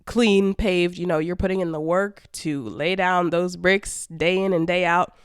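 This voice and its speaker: A woman in her twenties hosts a casual solo podcast, her lowish, clear, resonant voice steady in intonation and measured in pace, with studio-quality sound and no echo. Chatty and sassy, she calls listeners "babes" and "girl" while speaking through a stuffy nose and sore throat.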